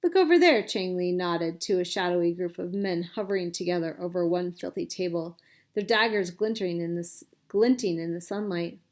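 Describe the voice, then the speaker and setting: A woman narrating a children's adventure story with clear, expressive reading. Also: lowish voice, normal speed.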